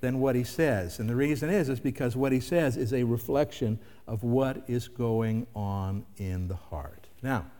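A man's voice: mid-range voice, measured pace, few pauses, dark tone. An older man preaching a sermon in a conversational way, asking the listeners rhetorical questions. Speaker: pastor. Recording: long hall reverb.

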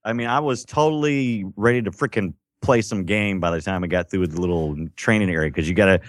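Low-voiced guy rambling about video games, dry close mic, acts out little quotes. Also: brisk, no echo. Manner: rambling, animated storytelling with acted-out quotes. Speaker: podcast co-host. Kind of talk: casual gaming chat.

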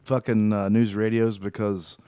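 A man's voice: on the low side, level tone, measured pace, dark tone, clean tone, no room sound, studio quality. A man in casual podcast chat, telling comedy stories and swearing freely. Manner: profane storytelling, acts out quotes.

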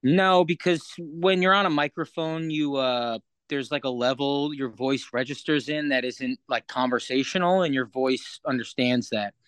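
A man's voice: mid-range voice, moderate pace, few pauses, fairly bright tone, clear, resonant tone, dry recording. A man co-hosting a podcast in casual chat, playful with jokey asides. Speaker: podcast co-host.

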